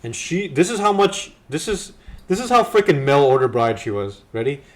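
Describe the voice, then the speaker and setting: Animated man telling a story. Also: a little high, moderate pace. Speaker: podcast host. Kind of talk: casual chat.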